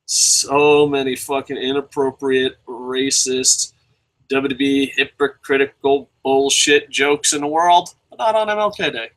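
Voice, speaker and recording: Bright-voiced man, brash profane banter. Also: medium pitch, measured pace, poor audio. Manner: profane, excitable, sarcastic. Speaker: show host reviewing. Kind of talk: casual profane commentary.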